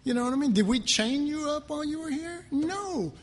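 High-voiced animated pastor in a hall. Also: male voice, a little fast. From United States. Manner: animated, acts out quoted voices, asks the audience questions. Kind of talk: sermon. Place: church hall. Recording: long hall reverb, faint background noise.

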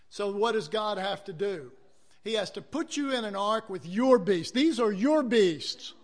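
A man's voice: sits high, fairly bright tone. A man preaching a sermon, acting out quoted voices and calling for amens from the congregation.

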